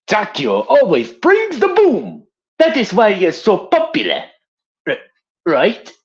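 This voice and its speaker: A stern, honor-bound soldier , as a man puts him on, declaring his own greatness in slow, solemn words. The voice sits much higher than the man's own. The sound is muffled and lo-fi. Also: huge pitch swings, full character voice. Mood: proud. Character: proud honorable Imperial soldier, male, stern.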